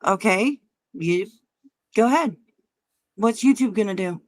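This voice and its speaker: Woman streamer, mocking and foul-mouthed, unhurried delivery. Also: medium pitch, lively intonation. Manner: taunting, profane, mocking. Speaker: livestream host. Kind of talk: heated livestream argument.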